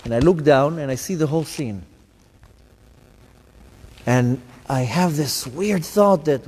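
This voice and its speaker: A man's voice: on the high side, animated, measured pace, long pauses, dark tone. A man, a rabbi, telling his story to a congregation, acting out his own thoughts and the voices of others. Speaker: rabbi giving a talk. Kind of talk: live talk to a congregation. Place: synagogue hall. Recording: live synagogue hall with long reverb.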